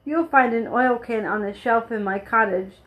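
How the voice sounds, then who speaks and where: A sorrowful, very polite man made of tin, read by a woman in her own fairly high voice. He speaks slowly and earnestly, with grateful courtesy. The telling is plain storybook reading. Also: highs cut off, lightly acted.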